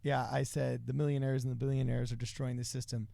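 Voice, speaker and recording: A man hosting a livestream in a casual, joking way, reading out viewer messages and reacting loudly to them. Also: medium pitch, level tone, quick pace, creaky, dry recording. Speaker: livestream host.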